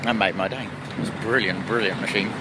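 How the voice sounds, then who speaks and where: A man vlogging outdoors and from truck cabs, excitable and laughing often in casual commentary. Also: lowish voice, fast talker. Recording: loud engine and traffic noise.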